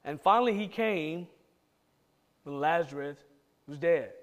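A man's voice: fairly high pitch, measured pace. A man preaching a sermon in a church, talking with emphasis and repeating key lines for stress.

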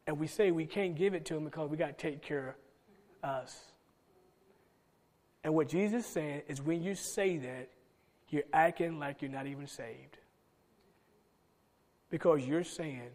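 A middle-aged man preaching a sermon, swinging between loud emphatic calls and soft low asides. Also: moderate pace, long pauses. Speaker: pastor.

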